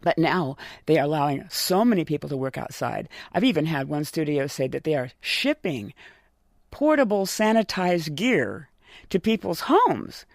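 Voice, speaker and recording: A woman talks in a relaxed interview, spinning lively anecdotes and laughing as she goes. Her voice is close and dry, with no room sound around it. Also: low-pitched, moderate pace, vocal fry, no room sound. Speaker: voice actor guest. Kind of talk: casual interview chat.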